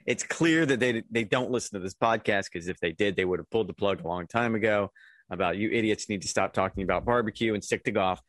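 A man's voice: fairly low pitch, quick pace, fairly bright tone, dry recording. A man in his fifties co-hosting a casual podcast, easygoing and good-humored. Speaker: podcast co-host.

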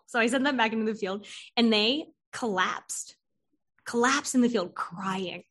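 A woman hosts a casual interview in an animated, lively way. She acts out her clients' lines as she tells stories, swears now and then, and laughs often. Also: medium pitch, moderate pace. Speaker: podcast host and therapist.

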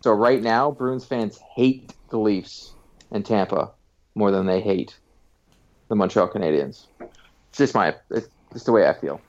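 Opinionated podcast co-host, muffled sound. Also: male voice, on the low side, measured pace. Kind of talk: casual sports podcast chat.

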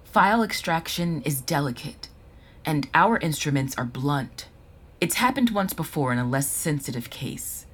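Stern, husky alien custodian. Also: female voice, sits low, moderate pace. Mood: formal. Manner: calm, formal and insistent. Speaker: custodian of released prisoners. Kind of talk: audio drama acting.

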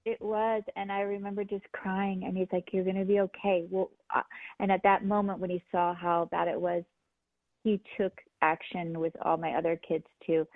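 A middle-aged woman, a guest, telling her personal story in an earnest, halting way with many restarts. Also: medium pitch, dry recording. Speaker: guest, healer and medium. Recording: phone-line sound, dry.

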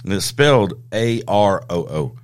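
A man hosting a podcast, telling stories in an easygoing way and giving shout-outs. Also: deep voice, animated, a little slow. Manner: easygoing storyteller, laughs often. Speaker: podcast host. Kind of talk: casual chat.

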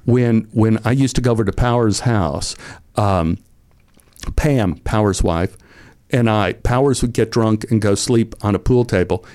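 Older man telling lively anecdotes. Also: on the low side, a little slow. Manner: animated, acts out quoted voices. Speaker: actor guest. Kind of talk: anecdotal storytelling.

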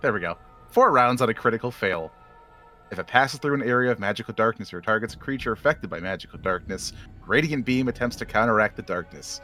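Excitable guy playing a tabletop game, crisp bright voice. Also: lowish voice, brisk, soft background music. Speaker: player.

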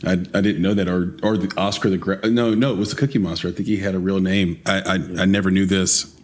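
A man's voice: sits low, level tone, fast, a little mellow. A man hosting a podcast, asking questions in a casual, chatty way and stumbling over his words now and then. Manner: chatty, laughs easily, stumbling restarts. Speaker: podcast host. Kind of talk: casual interview.

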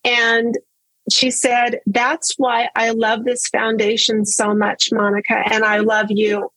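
A woman's voice: a little high, monotone, slow, a bit bright, husky, no echo, rough recording. A woman telling her personal story in casual conversation, earnest and open, often repeating words for emphasis. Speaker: guest sharing her story.

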